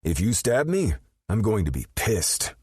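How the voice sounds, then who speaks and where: A man voicing a gruff, hot-tempered adult male assassin in an audiobook, talking in curt, cursing growls. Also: deep voice, sing-song, normal speed, mellow, dry recording, clean studio sound, voice pushed up, heavily acted. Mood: irritated. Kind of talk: audiobook character voice.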